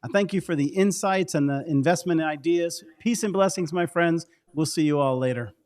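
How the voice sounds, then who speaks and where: A man's voice: fairly high pitch, moderate pace, a little mellow. A man hosting a stock show, wrapping up in an upbeat, friendly way. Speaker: show host. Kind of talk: casual show sign-off.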